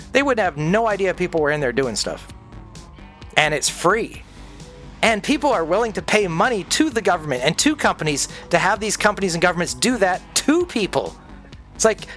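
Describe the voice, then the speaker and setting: A man with a fairly high voice rants through a casual livestream chat, cursing freely and slipping into voices for the people he quotes. Faint music plays under his talk. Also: animated, fast talker, fairly bright tone. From Canada. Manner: profane, ranting, acts out quoted people. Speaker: streamer. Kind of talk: casual rant while gaming.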